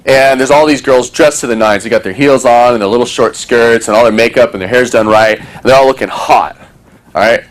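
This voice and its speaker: A man's voice: medium pitch, fairly quick. A man talking casually to a small group, telling a story and acting out other people's voices, swearing freely.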